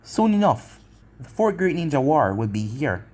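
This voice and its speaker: A man voicing a vengeful young ninja who taunts slowly and coldly, in a fan-made anime story reading. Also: fairly high pitch, sing-song, darkish tone, faint music behind. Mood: menacing. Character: vengeful young man Naruto, cold and mocking.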